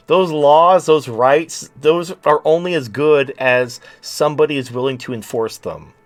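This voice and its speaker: Man, late 30s, talk-show host, blunt, profane, sarcastic rant, slightly high voice. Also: measured pace. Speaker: podcast host.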